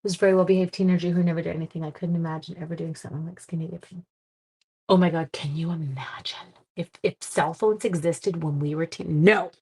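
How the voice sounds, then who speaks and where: A woman's voice: fairly low pitch, steady tone, brisk, a little mellow, breathy edge. Middle-aged woman chatting through a craft livestream, jokey, pokes fun at herself. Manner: chatty, self-deprecating, laughs at herself. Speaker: craft class host. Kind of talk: casual livestream craft class chat.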